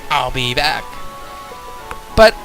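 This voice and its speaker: A man's voice: mid-range voice, lively intonation, extremely slow, gravelly, a bit bright, faint music behind, rough recording. A young man casually commenting on a video game as he plays, rambling and talking straight to his viewers. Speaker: let's play host.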